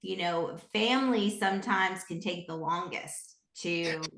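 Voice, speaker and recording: Woman interviewer with a lowish voice, soft and hesitant with many fillers, recorded in a roomy space. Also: a little slow, gravelly. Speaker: podcast host. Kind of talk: conversational interview.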